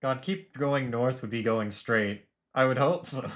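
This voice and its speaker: Wry streamer; self-deprecating, chatty, plain middle pitch. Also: unhurried. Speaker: live-stream gamer. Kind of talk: casual gaming chat.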